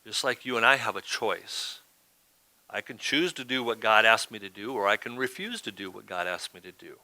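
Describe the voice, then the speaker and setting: A man's voice: fairly low pitch, expressive, moderate pace, pushed and bright, no room sound. A man preaching a sermon as pastor, talking in a conversational way and often asking "right?".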